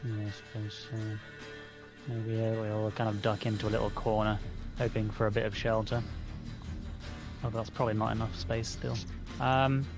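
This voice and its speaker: Gravelly male player, slow and hesitant, music underneath. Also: fairly low pitch, level tone. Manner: hesitant, hedging. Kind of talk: casual tabletop game play.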